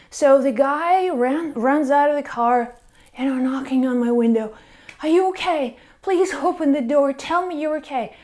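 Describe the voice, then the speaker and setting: Woman spiritual guide, high voice, unhurried, soft and earnest, slips into whispers. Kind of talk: personal story with spiritual teaching.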